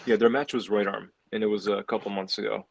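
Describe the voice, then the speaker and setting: A man with a fairly low voice talks as a guest on a casual show. He weighs things up slowly and hedges, with plenty of "um"s. Faint noise sits behind him. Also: flat delivery, creaky, rough recording. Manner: measured, hedging analysis with many "um"s. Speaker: armwrestler guest. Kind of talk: casual chat.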